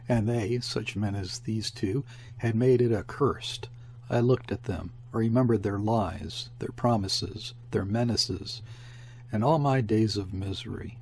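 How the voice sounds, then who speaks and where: A man reading a classic short story aloud as an audiobook narrator, in a measured storytelling manner. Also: on the low side, darkish tone, slight background noise. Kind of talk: scripted narration.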